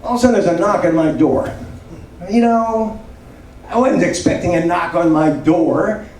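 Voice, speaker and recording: A man in his seventies works a comedy club stage with a rambling, self-mocking routine, speaking at normal speed in a high-pitched, slightly mellow voice. The distant mic picks up the club's echo and the crowd's laughter.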